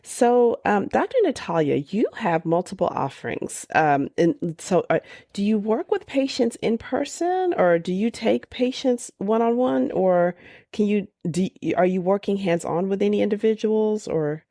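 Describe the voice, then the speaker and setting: A woman's voice: mid-range voice, lively intonation, unhurried, mellow, no room sound, clean studio sound. A woman hosting a podcast interview, asking hesitant, rambling questions with fillers. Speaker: podcast host.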